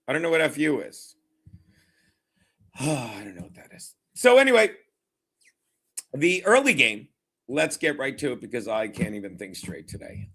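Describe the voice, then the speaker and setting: A man's voice: mid-range voice, a bit bright, slightly rough. A man hosting a casual sports talk show, rambling and jokey with lots of swearing.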